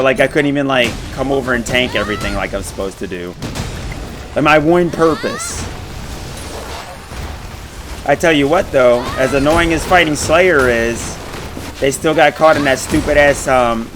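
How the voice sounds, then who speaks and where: A man in casual gaming chat with a friend, excitable and swearing often. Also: mid-range voice. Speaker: gamer streaming with a friend. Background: game music.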